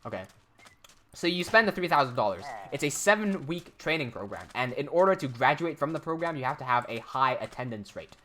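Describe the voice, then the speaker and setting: A man's voice: medium pitch, lively intonation, brisk, sharp tone, slight background noise. A man hosting a livestream and telling a story casually, emphatic and indignant, with his voice rising when he is outraged. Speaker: livestream host.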